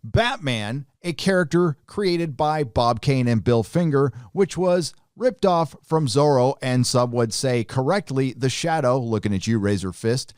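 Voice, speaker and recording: A man's voice: medium pitch, animated, measured pace, few pauses, a little mellow, clear, resonant tone, no echo, clean studio sound. A man hosting a commentary video, reading a news article aloud and breaking off into sarcastic, scoffing asides. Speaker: commentary channel host.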